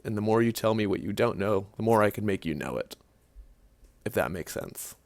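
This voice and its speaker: Low gravelly man walking through software. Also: expressive, normal speed, no room sound. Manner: casual, thinking aloud with fillers and self-corrections. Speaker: CAD tutorial instructor. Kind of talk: screen-recorded software walkthrough.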